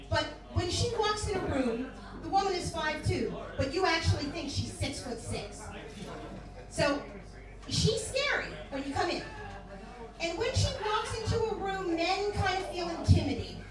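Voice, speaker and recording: A woman in her fifties from Philadelphia doing a brash, salty stand-up set in a bar. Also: very high voice. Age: 50s. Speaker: stand-up comedian. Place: bar with live audience. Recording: echoey room from far off, crowd.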